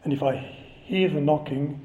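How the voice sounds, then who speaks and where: A man's voice: fairly high pitch, measured pace, warm tone. A man giving a chatty, conversational sermon and joking with the congregation. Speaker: preacher. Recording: echoey, slightly dull church recording.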